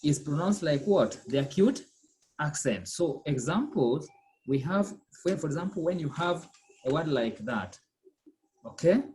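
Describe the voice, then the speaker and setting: A language teacher drilling pronunciation in class, with a voice that swings up and down a lot. The pitch sits in a middle register, and the teacher keeps firing questions and confirming with short check-ins. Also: lively intonation, measured pace, a little mellow. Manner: quizzing, checks in with "okay?" and "eh?"; repeats and drills words patiently.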